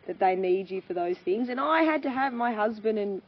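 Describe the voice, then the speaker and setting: A woman, a farmer and mother speaking candidly as an interview guest, animated and laughing often as she acts out quoted voices. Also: mid-range voice, a little fast. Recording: dull lo-fi sound with faint noise.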